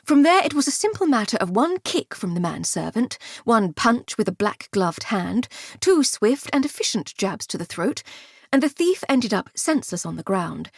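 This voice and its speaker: A woman narrating an audiobook with expressive, wry comic storytelling. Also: on the high side, moderate pace, creaky, breathy edge, dry recording, studio quality. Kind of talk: scripted narration.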